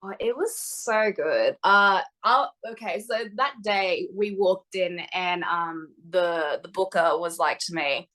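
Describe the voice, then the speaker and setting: A woman's voice: fairly low pitch, slow, hardly any pauses, pushed and bright. Girl chatting on a podcast, giggly and upbeat, slangy. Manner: bubbly, laughs often, slangy. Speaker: podcast guest, wrestler. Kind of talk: casual interview chat.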